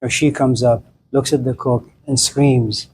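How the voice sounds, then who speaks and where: Wry, deadpan male lecturer. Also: mid-range voice, a little slow, slight background noise, low-quality recording. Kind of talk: storytelling lecture.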